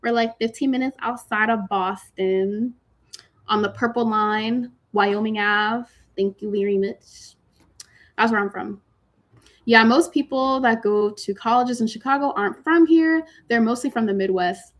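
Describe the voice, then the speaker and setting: Woman from Massachusetts, slightly high voice, slangy livestream chatter, computer mic. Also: measured pace. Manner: chatty, slangy, lots of "like" fillers, teasing viewers. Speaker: livestream host answering chat questions. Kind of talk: casual livestream chat. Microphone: computer mic on a video stream.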